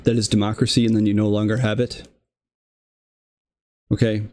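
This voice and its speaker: A man's voice: fairly low pitch, flat delivery, normal speed, darkish tone. A young man hosting a political commentary show, delivering a casual, exasperated rant full of fillers and restarts.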